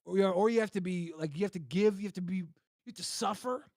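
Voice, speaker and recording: A man's voice: sits high, fast talker, dry recording, studio quality. A man being interviewed on a live online show who tells his stories in a loose, rambling way full of fillers. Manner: rambling, relaxed storyteller with many fillers. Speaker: interview guest. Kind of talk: casual live-stream interview.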